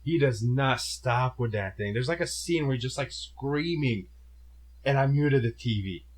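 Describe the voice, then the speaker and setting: A young man co-hosting a casual movie review, relaxed and blunt in his opinions. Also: mid-range voice, a little slow. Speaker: co-host of a movie review show.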